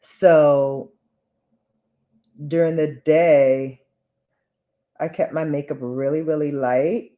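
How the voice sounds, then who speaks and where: A woman's voice: slow pace, pauses often, highs cut off. A woman with a New York accent, chatting playfully to viewers in a casual beauty vlog while doing her makeup. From New York, Bronx. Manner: animated with sudden high pitch jumps. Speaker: beauty vlogger.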